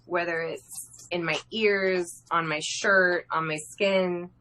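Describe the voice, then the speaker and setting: A woman artist talking as a guest on a live video interview, excitable, swearing freely and laughing often. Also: lowish voice, takes it slowly. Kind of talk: casual interview over a live video stream. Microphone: video call.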